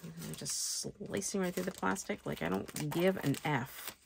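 A woman's voice: fairly low pitch, unhurried, creaky, background noise. A woman vlogger chatting casually and thinking aloud as she sets up a planner, joking about herself as she goes. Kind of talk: rambling casual chat while crafting.

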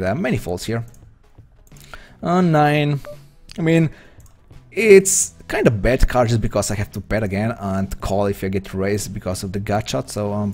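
A man's voice: fairly low pitch, creaky, darkish tone. A man from Slovenia with a Slovenian accent, chatting hesitantly and rambling as he commentates his own poker stream. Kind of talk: live-stream commentary while playing.

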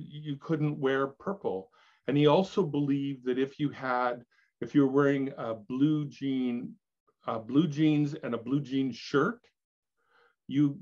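An older actor telling candid stories as an interview guest, animated and laughing, with many restarts. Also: male voice, a little high. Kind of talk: candid storytelling chat. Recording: dull lo-fi audio.

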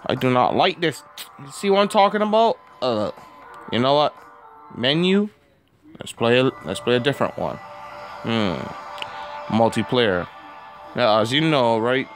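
A man hosting a gaming video who has a cold, giving casual gameplay commentary and yelling and groaning at the game. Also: medium pitch, takes it slowly, long pauses, faint music behind. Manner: excitable, yells and groans at the game. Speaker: gaming channel host.

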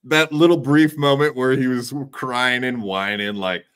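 A man's voice: mid-range voice, steady tone, measured pace, a bit bright, clean tone. A man co-hosting a podcast in casual chat, mocking and trash-talking a rival.

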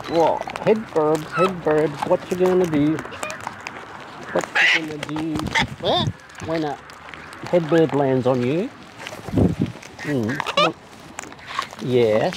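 An Australian man outdoors, coaxing and playfully teasing wild birds in a casual, sing-song way. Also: on the high side. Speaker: bird feeder filming wild birds. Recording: noisy outdoor recording with birds. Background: bird calls and outdoor sounds.

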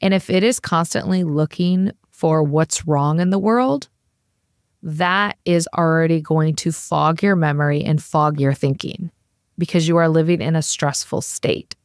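Low-voiced chatty woman, dry sound. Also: a little slow, no echo. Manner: chatty storyteller, many "like" fillers. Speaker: naturopathic practitioner guest. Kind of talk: casual interview chat.

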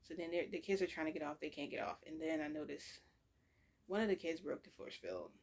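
A woman's voice: low-pitched, big pitch swings, brisk. A woman telling a long story in a casual, rambling way, full of asides and self-corrections. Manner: rambling and chatty, with lots of fillers and self-corrections.

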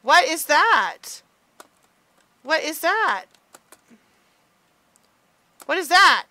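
A middle-aged mom chatting excitedly through a let's play, gasping and squealing as she goes. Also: high voice, extremely slow, no room sound. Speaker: gamer mom playing a game.

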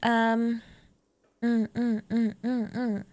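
A woman's voice: a little high, little pitch movement, very slow, darkish tone, no echo. A woman streamer giving playful, rambling commentary while playing a game and reading its text aloud. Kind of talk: casual gameplay commentary.

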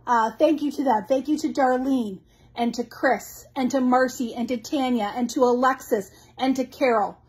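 A woman's voice: high voice, fairly even intonation, moderate pace, a little mellow, slightly rough. A middle-aged woman who owns a craft store, hosting a casual live stream, chatty and effusive as she reads viewer comments aloud. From Canada.

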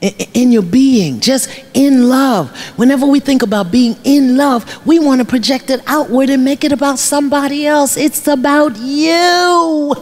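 A middle-aged woman, a life coach, giving a storytelling motivational speech in a preacherly way, repeating phrases for emphasis and laughing often. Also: high voice. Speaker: keynote speaker, life coach. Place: large luncheon hall.

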